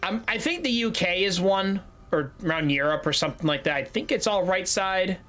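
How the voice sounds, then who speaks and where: A man's voice: high voice, expressive, moderate pace, fairly bright tone, faint music behind. A man chatting casually on a gaming livestream, rambling loosely, swearing freely and laughing easily. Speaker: streamer.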